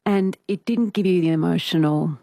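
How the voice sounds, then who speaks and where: Low, creaky-voiced woman interviewer. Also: moderate pace, dark tone, no echo. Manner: long, probing, empathetic questions. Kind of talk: conversational interview.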